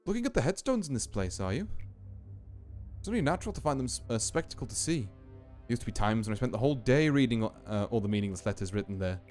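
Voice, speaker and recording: A man voicing a calm, solemn female graveyard keeper with a faint put-on Scottish lilt, speaking slowly and ominously over faint music. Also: medium pitch, lightly acted. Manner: slow, deliberate, ominous storytelling.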